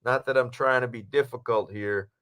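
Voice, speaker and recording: A man's voice: mid-range voice, moderate pace. Man telling stories with lots of swearing. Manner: profane, animated storytelling. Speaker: podcast co-host and actor. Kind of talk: casual chat.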